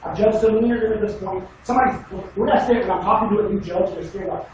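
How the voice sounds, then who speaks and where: A man's voice: high voice, quick pace, hardly any pauses, highs cut off. A man giving a casual classroom lecture on debate, wry and sarcastic, sometimes mocking students in put-on voices. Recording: echoey room from far off, noisy.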